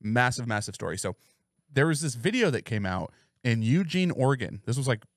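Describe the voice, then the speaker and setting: A man co-hosting a podcast, telling a story in a casual, profane, animated way. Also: medium pitch, a little fast, no echo, clean studio sound. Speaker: podcast co-host. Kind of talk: casual chat.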